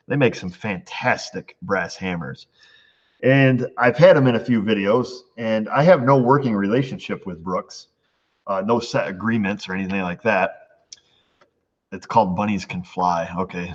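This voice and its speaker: A middle-aged man from New York State, a shop owner chatting casually to his viewers, rambling and laughing at his own stories. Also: deep voice. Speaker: auto shop owner, channel host. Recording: dull lo-fi sound with faint background noise.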